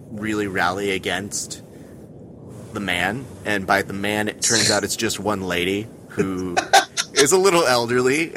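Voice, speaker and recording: A man's voice: fairly low pitch, background noise. A man chatting casually on a podcast, telling a ranting, comic story with swearing. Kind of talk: casual chat.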